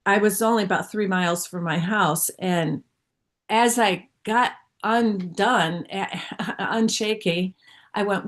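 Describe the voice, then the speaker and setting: A middle-aged woman sharing a personal testimony on a video call, earnest and halting, with frequent restarts. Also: medium pitch. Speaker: guest speaker sharing testimony. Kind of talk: personal testimony in an online group.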